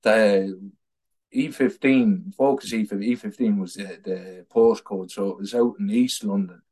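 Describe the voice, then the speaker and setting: A man's voice: fairly low pitch, fairly even intonation, a little slow, warm tone. An Irish man in his thirties, a political activist guest telling stories in casual conversation, often repeating words and laughing at his own anecdotes. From Ireland.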